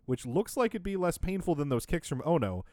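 A man's voice: a little high, big pitch swings, fairly quick, a little mellow, no echo, clean studio sound. A man co-hosting a podcast, recapping in casual chat with a sarcastic, wry tone and frequent laughs. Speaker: podcast co-host.

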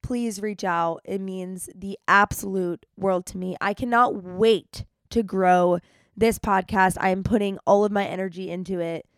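A young woman hosting a podcast, telling stories in an animated, chatty way, with dramatic retellings. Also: medium pitch, a little slow, clear, resonant tone, no echo. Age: young adult. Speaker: podcast host. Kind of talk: casual storytelling monologue.

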